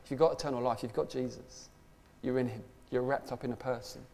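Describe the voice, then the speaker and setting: A man's voice: medium pitch, steady tone, fast, mellow. A man preaching a conversational sermon, emphatic and full of rhetorical questions. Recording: long hall reverb.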